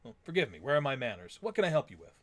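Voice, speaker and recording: Man voicing a gruff rude man, curt, dismissive, clipped, animated pitch. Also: rapid-fire. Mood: hostile.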